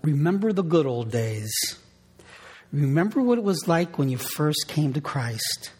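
A man's voice: on the high side, big pitch swings, measured pace, darkish tone, slightly rough. A middle-aged man preaching a sermon, telling a homey story in an earnest way and often repeating his words as he goes. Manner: earnest storytelling with frequent word repetitions. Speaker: pastor. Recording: long hall reverb.

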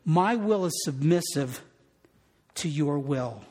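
A man's voice: high-pitched, animated, a little slow. A man preaching a sermon in an earnest way, repeating phrases for emphasis. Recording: long reverb of a large hall.

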